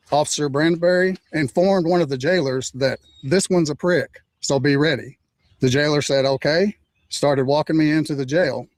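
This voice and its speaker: An older man calmly recounting his own arrest, measured and steady, still hurt by it. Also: a little high, no echo. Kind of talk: personal account.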